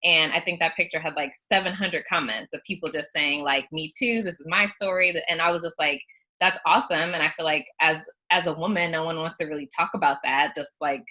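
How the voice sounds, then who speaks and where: A woman's voice: sits low, steady tone, fast talker, hardly any pauses, bright, forceful tone. A woman interviewing a guest in a casual, encouraging way, chatty with many likes and fillers.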